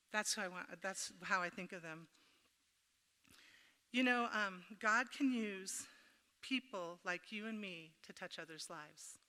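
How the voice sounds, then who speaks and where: In an echoey camp meeting hall, a middle-aged woman leads a workshop at a women's church camp, her mid-range voice pushed and bright. Her talk is folksy and chatty, full of homey stories and jokes with the crowd.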